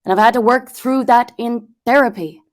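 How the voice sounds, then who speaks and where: Brief: woman, early thirties, slightly high voice, defensive and exasperated, cursing as she argues on a voice call. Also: moderate pace. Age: early 30s. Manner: frustrated, swearing, rambling and defensive. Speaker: content creator being interviewed. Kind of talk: heated argument on a voice call. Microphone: computer mic on a voice call.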